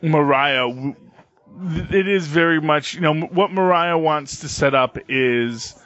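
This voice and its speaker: A man's voice: a little high, a little slow, a bit bright, no echo. A man co-hosting a podcast in casual chat, rambling with many fillers and restarts. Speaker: podcast co-host. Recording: dull lo-fi podcast audio, dry.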